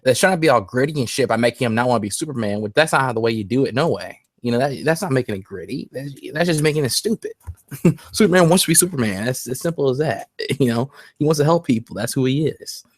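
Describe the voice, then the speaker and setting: A man's voice: mid-range voice, animated, fast, no echo, clean studio sound. A man in casual conversation, loose and profane, laughing between his points. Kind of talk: casual chat.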